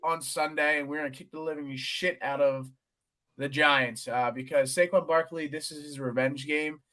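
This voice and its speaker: A man co-hosting a sports podcast, excitable and crude in casual chat. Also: a little high, moderate pace. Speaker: podcast co-host.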